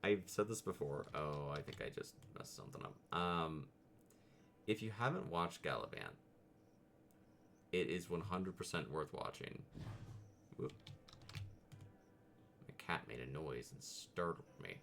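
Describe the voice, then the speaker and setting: A man streaming while he draws, chatting casually with viewers and coaxing his pet cat in a relaxed, soothing way. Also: extremely low pitch, a little slow, creaky, long pauses, a little hiss or hum. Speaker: VTuber streamer drawing on stream.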